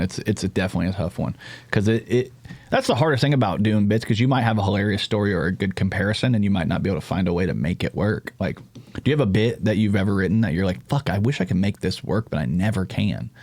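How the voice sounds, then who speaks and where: A man's voice: fairly low pitch, fast talker, a little mellow, no room sound. A man hosting a podcast, rambling through jokey, profane casual chat. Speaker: podcast host.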